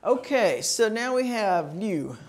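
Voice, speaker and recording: A woman leads a citizenship class at an unhurried pace, her voice sitting mid-range. She drills words one syllable at a time, patient and encouraging. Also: medium pitch, big pitch swings. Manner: slow, clear, encouraging, sounds words out syllable by syllable. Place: classroom in a ministry center.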